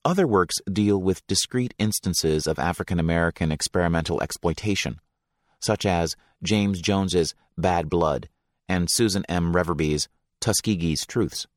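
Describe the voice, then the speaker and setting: A man reading passages from a book aloud in a measured, deliberate way, giving weight to titles and names. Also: low voice, dry recording, clean studio sound.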